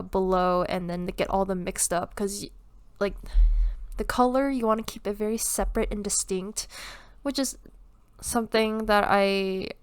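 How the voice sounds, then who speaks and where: A young woman with a mid-range, congested voice, recorded clean and dry, casually walks through her drawing process as an art YouTuber. She rambles in a relaxed tutorial style, full of fillers and little laughs.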